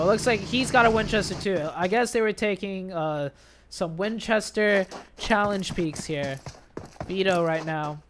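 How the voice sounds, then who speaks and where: A man casting a mobile shooter tournament play-by-play, excitable, with bursts on big plays, tired from an early start. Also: high-pitched, unhurried, background noise. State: tired, yawning. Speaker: esports caster. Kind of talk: play-by-play commentary.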